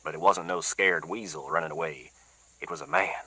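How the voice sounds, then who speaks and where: A man voicing a stern, wise old man of eighty-six who speaks slowly and deliberately. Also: low-pitched, sing-song, creaky, pushed and bright, breathy edge, dry recording, exaggerated voice, poor audio. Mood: grave.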